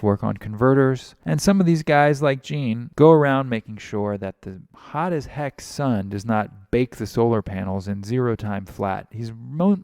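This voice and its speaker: A man's voice: mid-range voice, a little mellow, clean tone, no room sound, studio quality. A man casually narrating a comic story, chatty and explaining as he goes.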